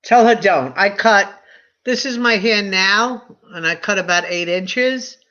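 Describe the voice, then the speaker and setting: A woman in her seventies tells stories in casual chat, slipping into lively quoted voices. Her voice is bright and clear in tone. The recording sounds dull and lo-fi. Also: medium pitch, measured pace. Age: 70s. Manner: chatty storyteller, animated quoted voices.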